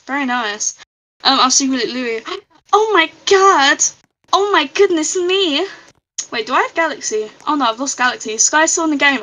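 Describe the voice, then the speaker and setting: A woman's voice: fairly high pitch, rough recording. A woman live-streaming a game, chatting casually and giggling as she reads out her chat.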